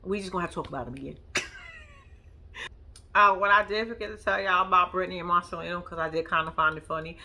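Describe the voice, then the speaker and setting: A woman giving blunt, profane casual commentary on a reality TV show, talking straight to her viewers and laughing often. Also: fairly low pitch. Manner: animated, talks straight to viewers. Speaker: reality TV recap vlogger.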